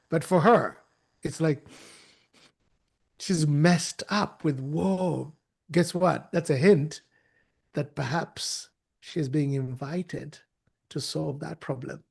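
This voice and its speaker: A man's voice: fairly high pitch, takes it slowly, vocal fry, darkish tone, slightly rough. A man giving an emphatic, preacherly motivational talk to young people, often restarting and repeating words. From Uganda. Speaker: guest speaker and author.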